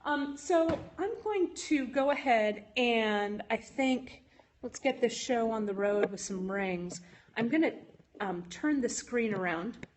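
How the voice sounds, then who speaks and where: A woman's voice: a little high, expressive, takes it slowly, a little hiss or hum. A woman hosting a casual phone livestream from her jewelry studio, chatting with viewers with frequent "um"s. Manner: chatty, with frequent "um"s, reads and answers viewer chat. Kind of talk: casual live-stream chat.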